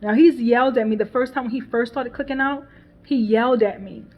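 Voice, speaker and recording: Mom venting on her vlog, kinda high voice, swears, repeats herself, dull lo-fi sound. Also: brisk. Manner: emotional, repeats herself, swears, laughs bitterly. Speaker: mother venting on her channel. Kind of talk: casual personal vlog, talking things through.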